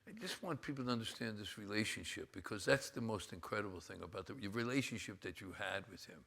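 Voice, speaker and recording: Male interviewer, casual, bright voice, interjects eagerly. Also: lowish voice, fast, creaky. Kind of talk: casual chat.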